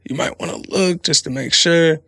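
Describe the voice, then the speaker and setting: Gravelly, profane man musing aloud. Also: a little high, moderate pace, fairly bright tone, no room sound. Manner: profane, laughing, rambling storyteller. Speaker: podcast host. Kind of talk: casual solo podcast monologue.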